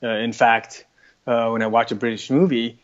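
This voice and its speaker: A man with a North American accent speaks at an ordinary pitch as an interview guest, working through his thoughts out loud and often restarting his sentences. The recording sounds somewhat dull and lo-fi. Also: flat delivery. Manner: halting, thinking aloud with many restarts. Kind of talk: casual conversation.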